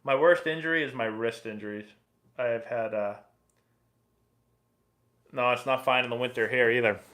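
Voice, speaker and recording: A man in his thirties hosting a casual live stream, reading viewer questions aloud and answering in a relaxed, chatty way. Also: mid-range voice, normal speed. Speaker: livestream host and former pro baseball player.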